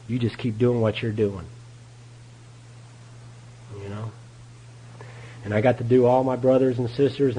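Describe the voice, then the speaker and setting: A man with a drawl talks to a recovery meeting in a folksy, candid way. His voice sits at an ordinary middle pitch, and he tells his story plainly, laughing now and then. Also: warm tone, breathy edge, poor audio. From Texas. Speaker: AA meeting speaker. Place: meeting room.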